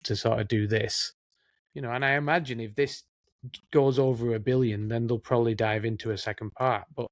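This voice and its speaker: A man's voice: mid-range voice, fairly even intonation, brisk, no echo. A man with a Northern English accent, co-hosting a casual film chat, rambling and chatty with lots of "mate". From Northern England. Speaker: co-host, film production assistant.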